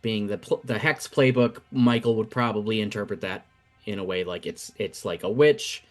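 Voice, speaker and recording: A man running a tabletop game as game master, explaining rules and narrating in a measured way. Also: on the low side, soft background music. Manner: measured, thinking aloud.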